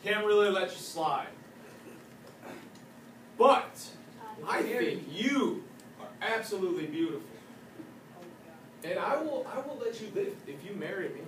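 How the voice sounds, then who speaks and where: A man's voice: sits high, very animated, a little slow, long pauses, fairly bright tone, slight background noise, exaggerated voice. A man voicing a brusque, vain male emperor who talks in casual, dismissive slang. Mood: offhand. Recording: echoey room from a distance.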